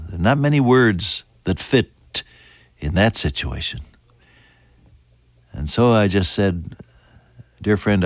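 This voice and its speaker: Older male preacher, low voice, earnest, hushed-to-emphatic delivery, dry close mic. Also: dry recording. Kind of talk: sermon.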